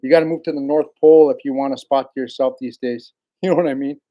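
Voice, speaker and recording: A man's voice: mid-range voice, steady tone, fast, dull audio. A man hosting a casual livestream, rambling in a laid-back way, greeting viewers by name and laughing often. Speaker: livestream host.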